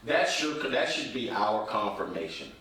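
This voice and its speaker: An encouraging man hosts a relaxed chat and drives his points home with emphasis. He sits back from the microphone, and a strong room echo hangs on every word. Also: on the low side, a little slow. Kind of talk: casual podcast chat. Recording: echoey, distant from the mic.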